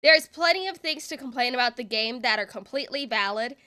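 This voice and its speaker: A woman's voice: on the high side, animated, a little fast, sharp tone. A woman streamer giving exasperated, sarcastic reaction commentary and swearing freely.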